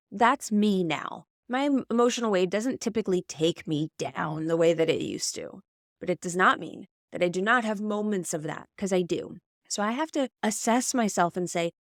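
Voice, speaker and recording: A woman hosts her own podcast and talks through ideas at an easy, reflective pace, explaining as she goes. Her voice sits at a middle pitch, and the recording is close and dry with no room sound. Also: no room sound. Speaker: podcast host. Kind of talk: casual solo podcast talk.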